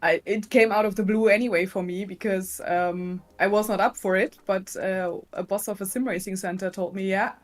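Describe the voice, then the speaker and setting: A woman's voice: mid-range voice, fairly even intonation, moderate pace, hardly any pauses. Upbeat German-accented woman. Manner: upbeat and chatty, laughs often. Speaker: guest, racing driver and commentator. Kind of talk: casual podcast interview.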